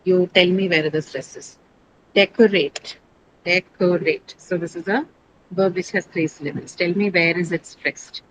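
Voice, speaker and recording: A woman's voice: on the low side, steady tone, normal speed, background noise. A woman teaching English stress rules over a video call, explaining patiently, quizzing her students and often checking with "right?". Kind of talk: online class lecture.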